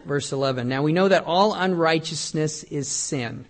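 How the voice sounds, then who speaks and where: This middle-aged pastor's voice is a little high, and he speaks at normal speed. Joking and conversational, he preaches a sermon, reads scripture aloud and swings between loud and soft.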